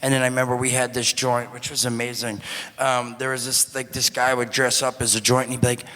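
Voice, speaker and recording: A man casually telling a long personal story, animated and profane, acting out the voices he quotes. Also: medium pitch, brisk, big-room sound. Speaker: podcast co-host.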